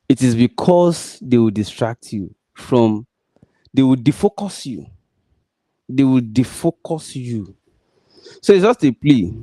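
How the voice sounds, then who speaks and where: A man's voice: mid-range voice, mellow, dry recording, clean studio sound. A man with a Nigerian accent mixing Pidgin into English, giving earnest commentary and pleading with emphatic, repeated stresses. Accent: Nigerian, Pidgin-mixed English. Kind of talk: direct-address commentary.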